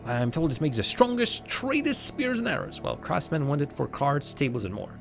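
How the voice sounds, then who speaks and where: A man's voice: on the high side, wildly swooping pitch, brisk, creaky, soft background music, full character voice. A man voicing a friendly, burly male woodcutter in a game, in a hearty, jovial storybook manner with a wandering accent.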